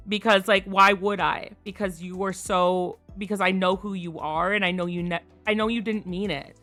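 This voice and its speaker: A woman streamer chatting casually on a live stream, frank and quick to laugh, swearing freely. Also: medium pitch, sharp tone, soft background music.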